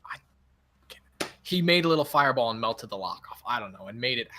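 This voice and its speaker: A man's voice: mid-range voice, animated, a little fast, pushed and bright, a little hiss or hum. A man playing in a tabletop game, speaking in character in a hesitant way, with fillers and restarts. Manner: hesitant, fillers, self-correcting. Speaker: player. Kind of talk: tabletop role-play in character.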